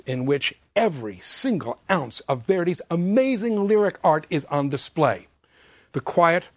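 A man giving a scripted opera talk, expressive and emphatic, setting the scene in measured storytelling. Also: a little high, no echo. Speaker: opera lecturer.

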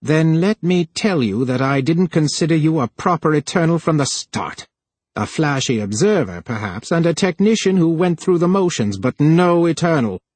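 Man voicing a plump scheming official, fussy, raised pitch, husky, dry. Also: lively intonation, moderate pace, a little mellow, no echo. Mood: scornful. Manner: higher, fussy, pleading voice. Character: plump scheming male computer official, cowardly.

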